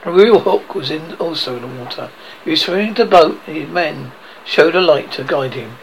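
Halting man reading a storybook. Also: on the high side, lively intonation, vocal fry, slight background noise, low-quality recording. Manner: halting reading with frequent restarts. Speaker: reader. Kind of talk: audiobook narration.

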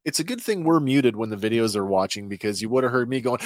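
A man's voice: medium pitch, lively intonation, quick pace, hardly any pauses, no echo. A man co-hosting a casual pop-culture show, reacting and joking as he talks. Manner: reactive and joking, laughs and exclaims. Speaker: co-host. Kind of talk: casual chat about comic and pop news.

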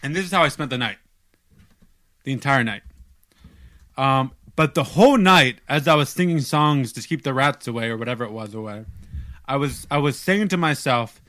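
A young man casually telling a long story on a podcast, animated and self-mocking, stumbling over restarts. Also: medium pitch, normal speed.

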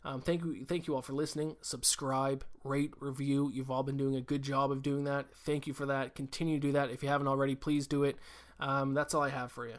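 A man hosting a casual solo podcast, rattling through his points at speed. He rambles and stops himself mid-sentence, filling the gaps with "um" and "uh," and his voice sits around the middle of the usual pitch range for a man. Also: flat delivery. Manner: fast, rambling, with many fillers and restarts. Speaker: podcast host.

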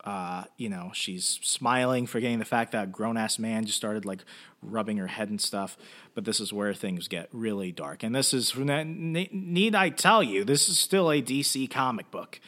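A man's voice: on the low side, sharp tone. A man hosting a comic book podcast, retelling and reviewing an issue in a casual, chatty way full of fillers and asides.

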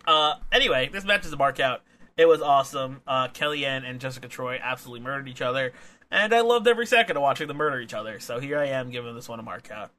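A man's voice: mid-range voice, lively intonation, fast, sharp tone. A young man co-hosting a casual podcast, enthusiastic and jokey, often laughing between his lines. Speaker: wrestling podcast co-host.

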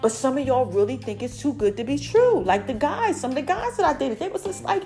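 A woman hosting her podcast from home, giving a preachy, slangy motivational faith talk with a stuffy nose and drawn-out emphasis. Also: high-pitched, big pitch swings, a little mellow, soft background music. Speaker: podcast host. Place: at home, new house.

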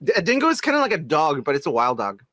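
A man's voice: fairly high pitch, rapid-fire, no echo, clean studio sound. A male co-host who laughs often and teases his partner in casual chat. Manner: laughs often, lively, teasing. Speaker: podcast co-host.

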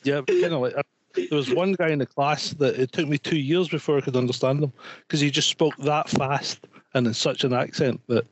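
A man's voice: medium pitch, steady tone, a little fast, noisy background. A middle-aged man co-hosting a podcast, chatting casually and getting indignant, repeating himself and swearing. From Scotland. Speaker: podcast co-host. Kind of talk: casual chat.

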